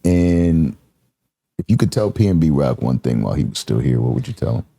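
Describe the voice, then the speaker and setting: A man hosts a casual interview in a very low voice. His tone is mellow and dark, and he affirms his guest often. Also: a little fast, gravelly, husky. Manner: relaxed, affirming, says "yeah" and "facts". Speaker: podcast host.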